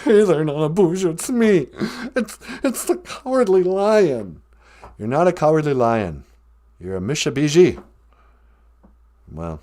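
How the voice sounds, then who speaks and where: A woman co-hosting a podcast, giving gentle, practical advice. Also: sits low, big pitch swings, a little slow, pauses often. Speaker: podcast co-host. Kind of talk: casual chat.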